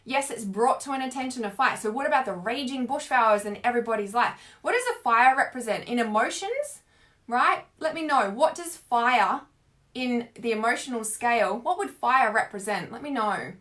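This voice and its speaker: Still teary from crying earlier, a woman with a high, lively voice and fairly bright tone talks casually at a moderate pace on her live stream as a spiritual coach. She rambles, leans heavily on "like," and laughs often.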